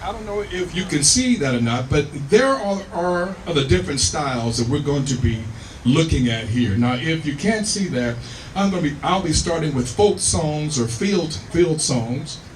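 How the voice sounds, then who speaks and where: A fairly high-pitched, animated American man from California, a musician, talks about music between songs while piano plays, easygoing and unhurried and checking in with "right?". Recorded in a live performance room through a distant mic, the sound is roomy with slight background noise.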